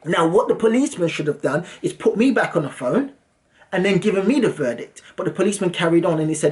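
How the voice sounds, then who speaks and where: A man's voice: sits high, fast. A man, a property landlord, casually and animatedly telling a story to camera with frequent fillers. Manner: animated, lively retelling with frequent "um"s.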